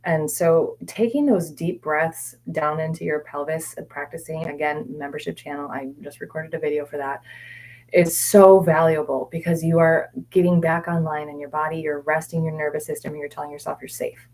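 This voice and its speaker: A woman with a low voice and a gravelly, fry-laden edge answers viewer questions as a mindset coach. She talks candidly and meanders through fillers and restarts, and sometimes drops her voice to soft, near-whispered repetitions. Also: steady tone, normal speed. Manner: candid, meandering, frequent fillers and self-corrections. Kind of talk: live Q&A session.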